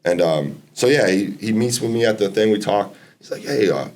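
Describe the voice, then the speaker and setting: Speaking at a normal speed with a lowish, darkish voice, a Massachusetts man in his twenties sounds animated. A college basketball player guesting on a podcast, he tells a lengthy casual tale loaded with fillers and quoted conversation.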